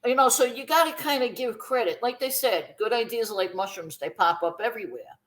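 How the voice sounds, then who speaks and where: A woman's voice: on the high side, fairly quick, low-quality recording. A woman in her fifties, a former b-girl dancer, telling her story bluntly and emphatically as an interview guest, with free swearing.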